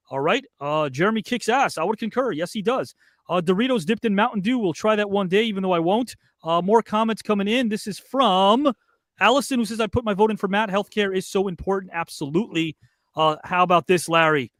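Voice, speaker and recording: An upbeat male host with a high voice, reading viewer comments and votes on a live online show. The sound is dry and close, with no room around it. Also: brisk, a bit bright, no echo.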